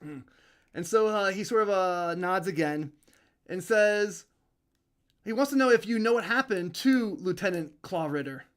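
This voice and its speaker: A man's voice: high voice, animated, measured pace, clear, resonant tone. A man narrating as game master, loose and hesitant, with many fillers.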